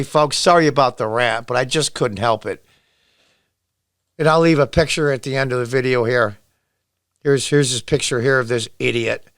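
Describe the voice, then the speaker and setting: A man's voice: mid-range voice, no echo, studio quality. A middle-aged man reading a news article aloud and breaking off into angry, sarcastic rants at the people in it. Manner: angry, sarcastic, talks back at the article he reads. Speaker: political commentary vlogger. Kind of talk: ranting commentary while reading a news article.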